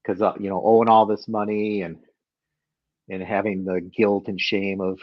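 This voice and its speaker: Man in his fifties, low voice, storytelling guest, restarts a lot, dry dull recording. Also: flat delivery, moderate pace, no echo. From Chicago area. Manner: storytelling, many restarts, laughs at himself. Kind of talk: personal story in an interview.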